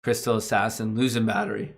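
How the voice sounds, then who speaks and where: A man's voice: on the low side, level tone, quick pace, creaky. A young man hosting a casual stock market live stream, reading his chat aloud and joking around with slangy banter and frequent laughs. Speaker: stock market livestream host.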